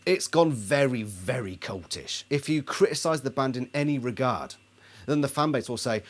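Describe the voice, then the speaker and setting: A man's voice: mid-range voice, expressive, moderate pace. A man ranting about a band in a sarcastic, indignant video monologue. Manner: indignant, sarcastic, mocks others in put-on voices. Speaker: album reviewer.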